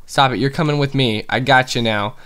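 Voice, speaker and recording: A young gaming host talks through his play session in a loose, rambling way. His voice is smooth and clean, at an everyday pitch for a man, and he gets excited easily. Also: a little fast. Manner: excitable, chatty, with frequent fillers. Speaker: gaming YouTuber. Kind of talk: casual gameplay commentary.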